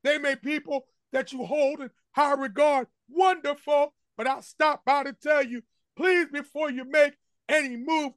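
In a church sanctuary, a senior pastor with a strikingly high, fairly bright voice preaches a sermon at a slightly slow pace and a steady tone. He presses each point with repeated refrains, and the congregation answers him back. The recording is close and dry, with no room sound.

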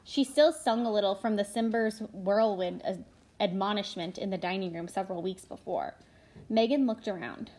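A woman narrating a children's novel aloud in an expressive reading style, with small slips and restarts. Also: medium pitch, moderate pace, low-quality recording. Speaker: audiobook narrator.

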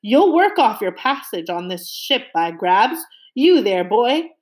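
A woman voicing a gruff, bellowing older male sea captain in an audiobook reading. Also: on the high side, big pitch swings, slow. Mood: blustering. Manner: loud, blustering, barking orders.

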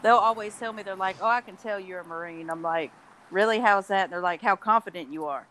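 A woman who served as a Marine, talking bluntly and profanely in casual chat, animated when she quotes people. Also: medium pitch, a little fast, slight background noise, rough recording. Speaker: veteran podcast guest.

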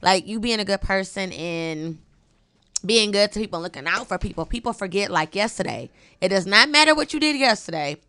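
A woman's voice: medium pitch, lively intonation, fairly quick, pushed and bright, clean tone, dry recording. A woman from Detroit co-hosting a podcast in laid-back, chatty talk that trails off mid-sentence. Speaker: podcast co-host. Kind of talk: casual chat. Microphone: podcast headset.

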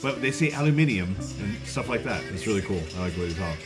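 A man co-hosting a podcast, bantering in a jokey, lively way in casual chat. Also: on the low side, quick pace, loud music behind the voice. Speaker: podcast co-host.

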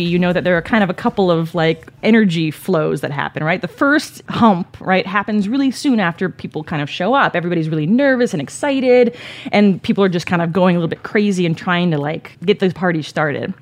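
Speaking briskly in a lowish voice, a woman shares an amusing story from her own life while soft music plays. She's animated and casual, frequently adding "right?" and "like," and laughs between her lines.

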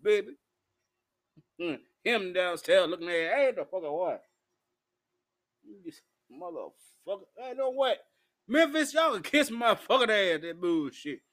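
A man's voice: sits high, lively intonation, measured pace, long pauses, fairly bright tone. A drunk man ranting in a profane, rambling monologue, hiccuping as he talks. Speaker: vlogger.

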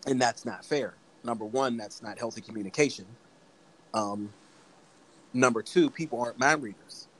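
A man talks in a relaxed, candid conversational way, often breaking into laughter. His voice sits in an ordinary middle range. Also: medium pitch, normal speed, rough recording. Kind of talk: casual conversation.

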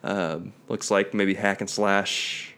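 A man's voice: fairly low pitch, flat delivery, slow pace, fairly bright tone, smooth. A man co-hosting a casual talk show, easygoing and hedging as he thinks aloud. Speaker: podcast co-host. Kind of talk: casual chat about video games.

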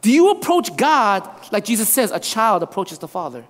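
A man's voice: high voice, moderate pace. Pastor guy preaching, voice jumps all over, long hall echo, says stuff twice. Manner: animated preaching, repeats lines for emphasis. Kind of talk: sermon.

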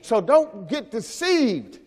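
A high-voiced man preaching in a sermon. He keeps asking his listeners rhetorical questions and draws scripture quotes out slowly for emphasis. His voice rings with the long reverb of a church hall. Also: very animated, a little mellow. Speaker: pastor. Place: church service.

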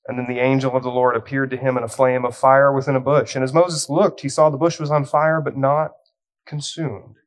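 A man's voice: mid-range voice, little pitch movement, brisk, rough recording. A young man, a youth pastor, preaching a sermon, telling the story with light humor and reading scripture dramatically.

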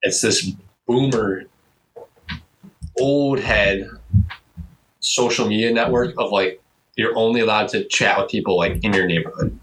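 Rambling young man, low voice. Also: unhurried, pauses often, low-quality recording. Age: young adult. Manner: rambling, animated, mimics others in high voices. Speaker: podcast host. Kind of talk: casual chat.

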